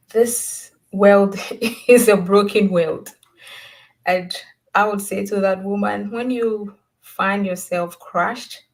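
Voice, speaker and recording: Slow, measured woman guest. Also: medium pitch, low-quality recording. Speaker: guest speaker. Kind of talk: inspirational faith-based talk.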